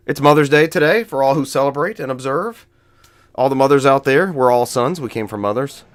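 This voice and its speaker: A man's voice: mid-range voice, a little fast, dry recording. Joking man hosting a podcast. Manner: joking, rambling, laughs often. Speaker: podcast host. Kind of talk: casual video game podcast chat.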